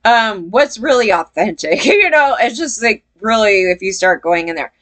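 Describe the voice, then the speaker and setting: A woman's voice: mid-range voice, expressive, moderate pace, a bit bright. A woman giving casual opinion commentary as a vlogger, blunt and profane, rambling and laughing between points.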